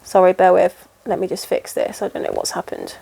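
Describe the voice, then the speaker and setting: A woman's voice: lowish voice, flat delivery, fairly quick, gravelly, warm tone, a little hiss or hum. Chatty woman stitching and rambling. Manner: rambling, chatty and self-deprecating. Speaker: cross-stitch vlogger. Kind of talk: casual chat while stitching.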